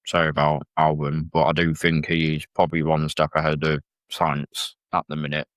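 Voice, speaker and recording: A man's voice: rumbling low, flat delivery, moderate pace, fairly bright tone, dry recording. A man talking as a guest on a casual podcast, plain-spoken and a little hesitant. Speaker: guest presenter.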